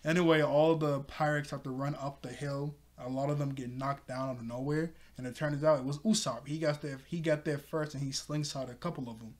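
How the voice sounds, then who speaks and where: A man's voice: a little high, steady tone, a little fast, few pauses. A man recapping an anime episode in a rambling, casual way, chuckling often and leaning on fillers. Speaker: anime review host.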